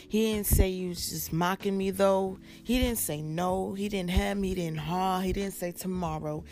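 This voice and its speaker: A woman's voice: medium pitch, steady tone, normal speed, hardly any pauses, darkish tone, soft background music. A woman preaching a sermon with an emphatic, repetitive cadence.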